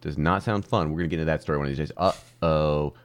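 A man co-hosting a casual comedy history chat, animated and jokey, often slipping into silly voices. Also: extremely low pitch, quick pace, clean tone. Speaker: podcast co-host.

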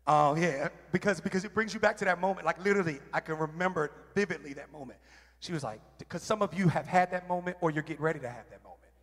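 A man sharing a candid, emotional personal testimony at church, with halting restarts. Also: fairly high pitch. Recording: reverberant hall.

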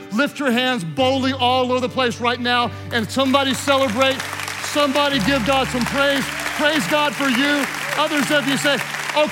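A man preaching as a pastor, leading a prayer and an altar call in an impassioned, urging way, from a large church hall. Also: very high voice. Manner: impassioned, urging, builds from soft prayer to loud exhortation. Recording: large echoing hall with faint music.

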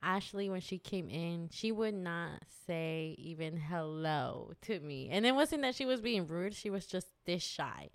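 A woman's voice: lowish voice, expressive, a little slow, few pauses. A woman in casual conversation, telling stories in a rambling way and laughing often. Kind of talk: casual chat.

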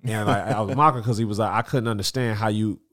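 Fairly low-pitched and fast, a man in his thirties who used to host radio shares animated stories in casual talk, often stumbling into fillers and restarting sentences.

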